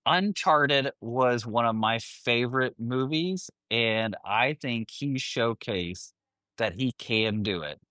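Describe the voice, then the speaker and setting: A man with a bright, forceful voice co-hosts a casual podcast, gushing about the things he loves. He sounds close and dry, with no room echo. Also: mid-range voice, takes it slowly. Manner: enthusiastic, gushing. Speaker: podcast co-host. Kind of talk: casual chat.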